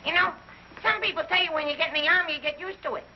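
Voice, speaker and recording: An actor playing a griping young army private who complains about army life. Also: male voice, extremely high pitch, very fast, noisy background. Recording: dull old TV sound.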